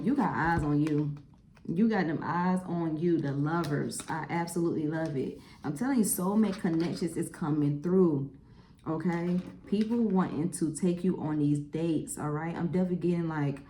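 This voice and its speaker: Young woman, tarot reading, chatty and lively, lowish voice, keeps saying y'all. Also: reverberant, a little hiss or hum. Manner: chatty, animated, lots of "okay?" and "y'all". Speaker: tarot reader. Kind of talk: casual tarot reading to camera.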